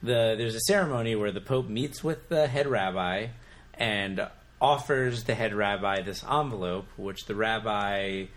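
A young man casually retelling family jokes, telling stories relaxed with fillers. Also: fairly low pitch, a little slow. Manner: relaxed storytelling with fillers and laughs. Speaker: joke teller. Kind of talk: casual chat.

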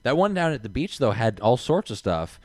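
Quick, animated chatter; teasing guy, very lively pitch. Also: dry recording. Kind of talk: casual chat.

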